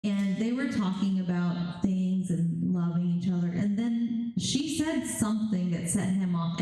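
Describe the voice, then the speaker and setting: A woman speaking on a convention panel, telling stories with a mellow, warm voice. She animatedly acts out the spirits and clients she describes. Her voice rings through a large, very echoey hall. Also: fairly low pitch, a little slow, hardly any pauses, faint music behind. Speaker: psychic medium.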